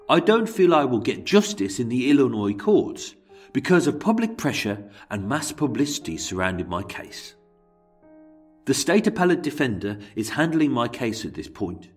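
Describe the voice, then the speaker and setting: A man's voice: medium pitch, lightly acted. A man with a put-on Birmingham accent voicing a vain, self-pitying male killer writing to a lawyer, in a mock-earnest reading.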